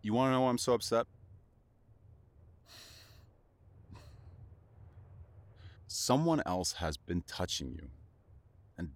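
A man's voice: fairly low pitch, sing-song, moderate pace, no room sound. A man playing a jealous young secret lover in an audio role-play, swearing and stumbling over repeated words. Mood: hurt. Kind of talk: audio role-play addressed to a silent listener.

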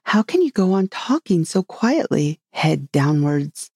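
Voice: mid-range voice, big pitch swings, measured pace, darkish tone, slightly rough, no room sound, studio quality, heavily acted. A reader voicing a polite, curious young girl in a storybook reading, raising the voice for her exclaiming lines.

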